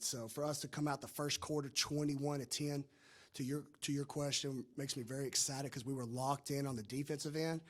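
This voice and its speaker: A man, a head coach, speaking at a postgame press conference with a hoarse, worn voice and an energetic, repetitive way of stressing his points. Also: mid-range voice. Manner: energetic, repeats himself when emphasizing.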